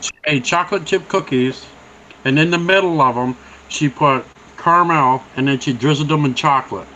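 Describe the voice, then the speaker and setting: A man's voice: on the high side, normal speed, pushed and bright. A man joining a casual live stream from his phone, chatting in an upbeat, eager way. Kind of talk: casual chat. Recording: dull phone audio with faint hiss.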